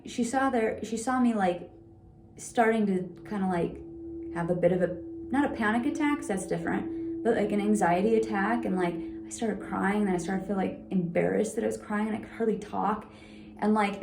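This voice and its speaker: A young adult woman talking through a personal experience in an unscripted monologue, rambling and halting, with constant "like" fillers. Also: mid-range voice, warm tone, roomy sound, slight background noise. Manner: rambling, heavy use of "like", halting restarts. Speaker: vlogger sharing personal experience.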